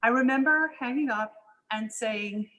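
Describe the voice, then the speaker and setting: A woman with a high voice talks as a guest on a live panel show. She tells stories in an animated way, with quick asides, and she acts out the lines she quotes. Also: rough recording. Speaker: guest entrepreneur. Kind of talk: casual panel talk, telling a story.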